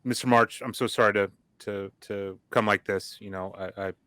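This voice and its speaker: A man's voice: lowish voice, fairly even intonation, normal speed, sharp tone, clear, resonant tone, dry recording. A man voicing a polite, hesitant visitor who speaks to an older man with deference. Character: polite, respectful old friend, deferential.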